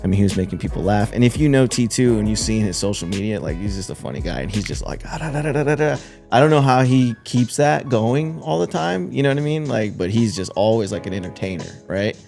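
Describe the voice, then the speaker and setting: A man's voice: on the low side, animated, fast talker, gravelly, hardly any pauses, a little mellow, soft background music. Laid-back man telling stories. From Texas. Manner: laid-back storytelling, lots of slang and fillers. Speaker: podcast host. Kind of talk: casual chat.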